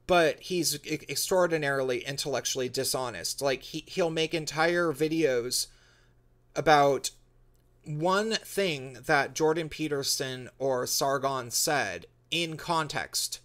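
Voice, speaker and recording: A man with a slightly higher-than-usual voice rambles through a casual vlog. He trips over his words and restarts often, and he talks straight to his viewers. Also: fairly bright tone. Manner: rambling, many restarts and fillers. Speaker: YouTuber.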